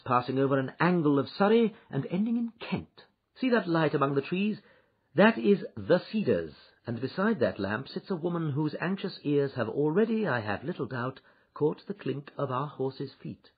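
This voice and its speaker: A man reading an audiobook, voicing a confident Victorian male detective with a crisp, assured delivery, pitched a little higher than his narration. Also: sing-song, normal speed. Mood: explaining. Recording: dull lo-fi recording.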